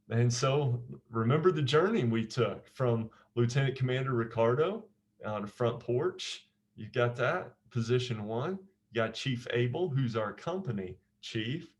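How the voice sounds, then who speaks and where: Casual naval officer teaching a memory trick. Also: male voice, mid-range voice. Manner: conversational, repeats phrases, asks "right?". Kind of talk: informal memory-technique lesson.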